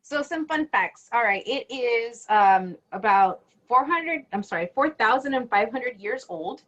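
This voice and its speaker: A woman's voice: on the high side, expressive, measured pace, fairly bright tone, muffled recording. A woman from the United States co-hosting a casual podcast, chatty and giggly. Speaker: podcast co-host.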